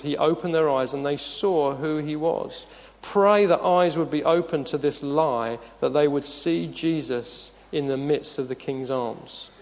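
A man preaching a sermon as pastor, earnest and emphatic, chuckling now and then between points. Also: on the high side. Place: church hall. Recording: long reverb of a church hall.

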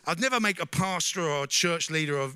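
A middle-aged man tells his story to a church audience, his high voice sharp and forceful. He keeps turning to the listeners with questions and a steady "you know?". The sound is close and dry. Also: brisk, clear, resonant tone, no echo. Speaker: speaker giving a testimony. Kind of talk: personal testimony to a church audience.

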